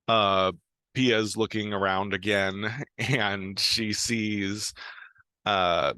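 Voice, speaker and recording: A man's voice: lowish voice, pushed and bright, no room sound. An American man casually recapping a TV episode, rambling with lots of fillers and restarts and frequent chuckles. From United States. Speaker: video host.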